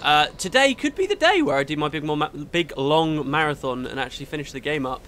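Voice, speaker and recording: A young man hosts a let's play from a home room during a thunderstorm, chatting and rambling as he reacts to the game. His somewhat high, expressive, fairly bright voice moves briskly, captured on a desktop mic in Audacity with slight background noise.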